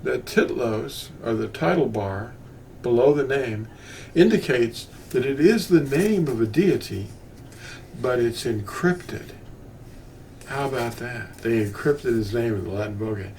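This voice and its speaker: Picked up by a distant mic with a bit of background noise, this older man teaches scripture off the cuff, wandering into asides and often starting sentences over. His medium-pitched voice is a little mellow, with lively intonation and a slightly slow delivery.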